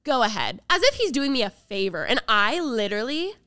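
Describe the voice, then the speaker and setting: Clean studio sound with no room sound carries this young co-host's clear, resonant voice, pitched on the high side and a little fast. She animatedly tells a story during casual podcast chat, performing the quotes herself.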